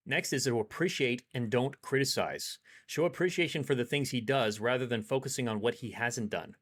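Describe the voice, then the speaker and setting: A man giving dating advice in a calm, steady, coaching monologue. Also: mid-range voice. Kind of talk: instructional monologue.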